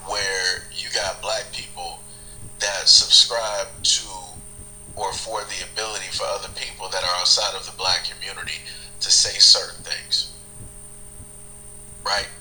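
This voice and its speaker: A man rambles through casual commentary and keeps circling back with the same phrases. His voice is fairly low but bright-edged, with faint music underneath. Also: level tone, unhurried, pauses often, rough recording.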